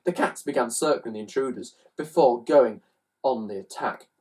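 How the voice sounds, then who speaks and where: A woman reading a children's story aloud in an animated way, throwing in sound effects. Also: extremely low pitch, moderate pace, recorded from a distance.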